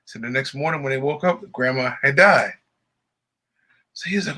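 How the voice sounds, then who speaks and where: Casting: male podcast co-host, bright and forceful tone, animated storyteller, casual banter. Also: mid-range voice, normal speed. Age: adult father. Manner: joke-telling, animated, laughs often. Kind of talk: casual chat.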